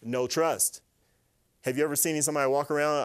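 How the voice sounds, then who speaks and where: A man giving an animated, faith-based teaching talk to a live group, asking them questions and acting out little voices. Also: a little high, normal speed. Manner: animated, asks the audience questions, acts out voices. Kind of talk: lively sermon-style teaching to a live group.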